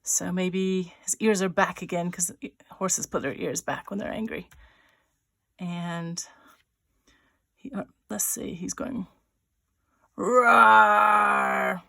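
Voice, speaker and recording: A woman's voice: lowish voice, creaky, breathy edge. A woman illustrator leading a drawing lesson, chatting playfully and thinking aloud as she draws. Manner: chatty and playful, voicing little sound effects; talks while drawing, with pauses and restarts. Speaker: writer-illustrator teaching a drawing workshop.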